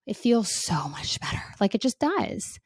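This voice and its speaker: A woman's voice: medium pitch, sing-song, unhurried, husky, no echo. Woman host, candid storyteller, chatty delivery, dry close podcast mic. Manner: candid, chatty, lots of filler words. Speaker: podcast host and parenting coach. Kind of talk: personal storytelling monologue.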